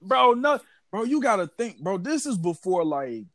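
A man telling a story in casual chat, lively and animated, acting out quotes. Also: high-pitched, moderate pace, dry recording.

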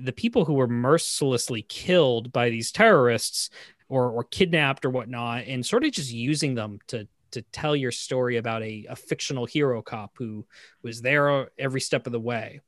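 A man co-hosting a film discussion podcast, talking casually with many fillers and restarts, getting animated as he criticizes. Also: medium pitch, dry recording, clean studio sound. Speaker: podcast co-host. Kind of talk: casual film review chat.

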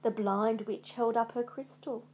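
A woman narrating a storybook in a dramatic, measured way. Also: a little high, level tone, a little mellow.

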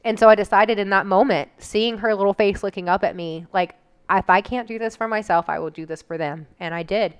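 A woman's voice: medium pitch, a little fast, clear, resonant tone. A woman telling a personal story in casual chat, candid and emotional, with frequent "like" fillers.

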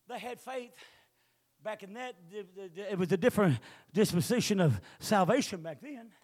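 A man, preaching a sermon in a folksy storytelling way that rises to hollering. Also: high-pitched.

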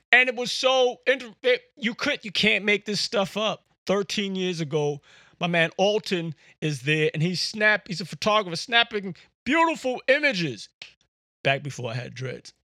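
A male podcast host tells a rambling story in a casual, slangy way, often repeating himself mid-sentence. His voice sits high and swings widely in pitch, with a bright, forward tone. The sound is close and dry. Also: no echo. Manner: animated, slangy, repeats words.

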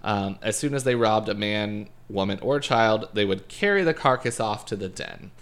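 A man's voice: on the low side, expressive, normal speed, a bit bright, clean tone. A man from Scotland casually reading a story aloud to friends, with laughing asides.

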